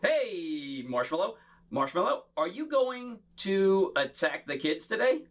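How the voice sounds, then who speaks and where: A man performing a bubble show for children, talking to them in playful, animated patter. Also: sits high, unhurried. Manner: animated, playful, talks straight to kids.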